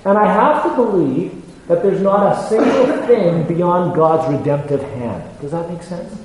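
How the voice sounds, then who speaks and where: A man's voice: sits high, animated, darkish tone. Earnest man speaking in an echoey hall. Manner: earnest, halting, many fillers and restarts. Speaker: ministry speaker. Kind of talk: conference talk. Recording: echoey hall with faint ambience.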